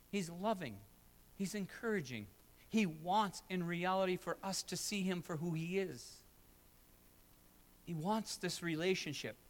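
A man's voice: sits high, fairly bright tone. A man preaching a sermon as pastor, emphatic and building with repeated phrases, in a church sanctuary. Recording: long hall reverb.

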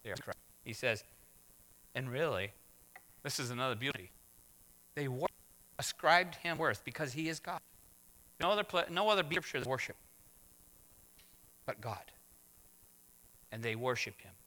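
A man preaching a sermon as pastor, swinging from hushed words to loud exclamations. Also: mid-range voice, lively intonation, normal speed, pauses often. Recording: long hall reverb.

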